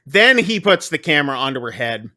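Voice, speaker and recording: Briskly and in a slightly high voice, a man hosting a podcast recaps a horror movie one scene at a time. His delivery is casual and animated, with the characters' lines acted out.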